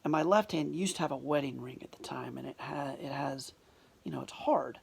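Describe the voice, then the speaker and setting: A woman telling a personal story in an emotional, confessional way, often dropping to a hushed near-whisper. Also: extremely low pitch, steady tone, brisk, vocal fry, slight background noise.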